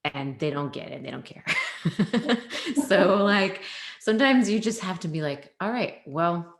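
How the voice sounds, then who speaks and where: A woman's voice: fairly low pitch, animated, measured pace, creaky. A young adult woman, a former teacher and parent, chatting as an interview guest, laughing often and acting out quotes. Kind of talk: casual interview chat.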